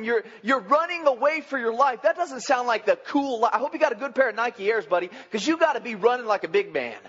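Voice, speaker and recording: A man with a strikingly high, fairly bright voice preaches a folksy, joking sermon, chatting with the congregation as he goes. The recording is dull and lo-fi, with long reverb from a large church hall.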